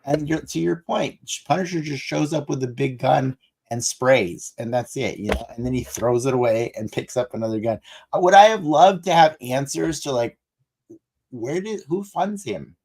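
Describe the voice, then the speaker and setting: A man co-hosting a podcast, talking through a movie in a rambling, animated way with many restarts. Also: mid-range voice, moderate pace, creaky, breathy edge. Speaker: podcast co-host. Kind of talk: casual movie discussion.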